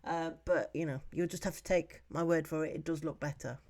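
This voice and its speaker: A woman's voice: sits low, fairly even intonation, fairly quick, darkish tone. A woman co-hosting a podcast in casual chat, chatty and self-mocking. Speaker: podcast co-host.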